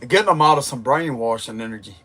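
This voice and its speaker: A man's voice: medium pitch, lively intonation, quick pace, slight background noise. A man giving a blunt, emphatic tarot reading monologue, repeating his points with a strained voice. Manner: forceful, emphatic, repeats himself. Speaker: tarot reader.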